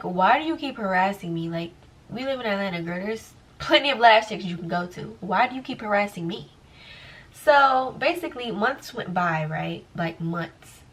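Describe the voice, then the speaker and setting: A young woman, a lash tech, telling a story casually and acting out what people said with big jumps in pitch. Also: normal speed, far from the mic, rough recording. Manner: animated, acts out quoted dialogue with big pitch jumps. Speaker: lash technician vlogger.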